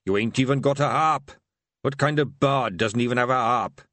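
A man's voice: medium pitch, normal speed, fairly bright tone, no echo, close to an everyday voice. A man voicing a coarse male barbarian kidnapper who coaxes and bullies his captive. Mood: coaxing. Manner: bullying and coaxing.

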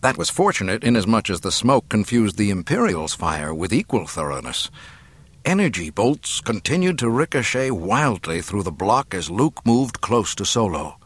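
Lively low-voiced male storyteller. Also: moderate pace, breathy edge. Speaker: audiobook narrator. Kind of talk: scripted narration.

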